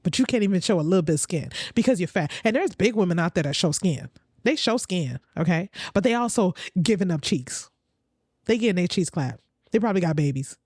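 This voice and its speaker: Blunt, animated woman reacting to a clip. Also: on the low side, a little fast, no echo, studio quality. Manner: blunt, profane and laughing often. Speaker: reaction video host. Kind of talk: casual reaction commentary.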